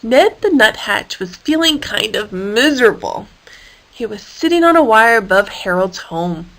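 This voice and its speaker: A woman reading a children's story aloud in a playful, animated way with sound effects. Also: fairly high pitch, measured pace, rough recording.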